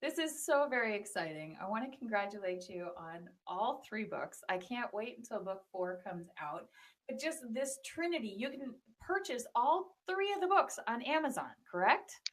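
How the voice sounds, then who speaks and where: Woman host, eager and encouraging, fairly high voice. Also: animated, normal speed, rough recording. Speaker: show host. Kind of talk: casual interview.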